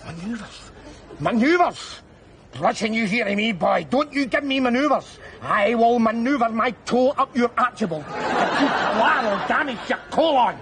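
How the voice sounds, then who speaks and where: An actor playing a loudmouthed, boozy middle-aged Scotsman with a Scottish accent, ranting and mocking in a belligerent sitcom scene. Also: extremely high pitch, expressive, normal speed, hardly any pauses. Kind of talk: sitcom acting. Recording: outdoor crowd and noise.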